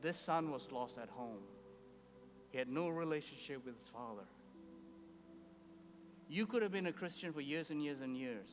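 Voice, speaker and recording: A man preaching a sermon, telling a story with emphasis and acting out the quoted characters. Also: medium pitch. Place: church hall. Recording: reverberant hall, faint ambience.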